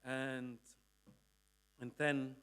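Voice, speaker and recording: A man's voice: medium pitch, little pitch movement, very slow, bright, forceful tone, clear, resonant tone. A man giving a sermon, recounting a speech in a conversational way, full of restarts and tag questions. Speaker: preacher. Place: church hall.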